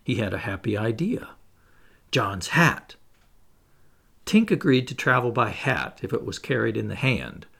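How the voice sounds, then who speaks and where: Animated male storybook narrator. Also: medium pitch, a little slow, creaky, long pauses. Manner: expressive, animated reading. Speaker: audiobook narrator.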